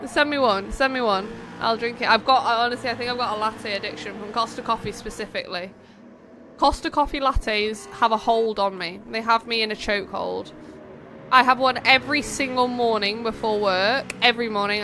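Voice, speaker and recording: A young woman hosts and commentates a sim-racing stream, chatting playfully between race calls and getting excited during close battles. Her voice is medium-pitched, with a little hiss or hum.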